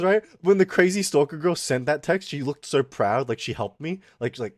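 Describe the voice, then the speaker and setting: A young man streaming, animated and casual as he tells a rant, swearing freely and laughing often. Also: fairly high pitch, moderate pace, hardly any pauses, no room sound.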